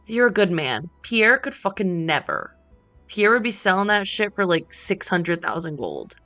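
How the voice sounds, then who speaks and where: A woman's voice: medium pitch, sing-song, normal speed, bright, forceful tone, soft background music. A woman streaming a cozy game, chatting playfully with joking asides and casual swearing. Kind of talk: casual gameplay chat.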